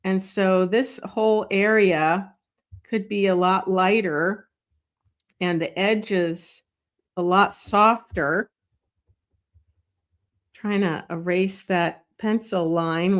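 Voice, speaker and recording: A woman giving a live drawing lesson, thinking aloud as she works, relaxed and chatty with light laughs, often pausing and correcting herself. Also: mid-range voice. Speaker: drawing teacher.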